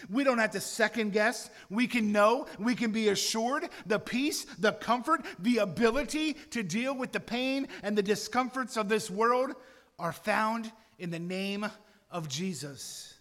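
Male pastor, high voice, earnest sermon, long church reverb. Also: measured pace, a bit bright. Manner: earnest preaching, repeats "friends" and "Father".

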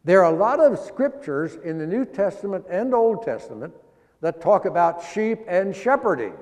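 A man's voice: sits high, very animated, normal speed, darkish tone, in a large hall. A man preaching a sermon as pastor, folksy, stretching out key words for emphasis. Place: church sanctuary.

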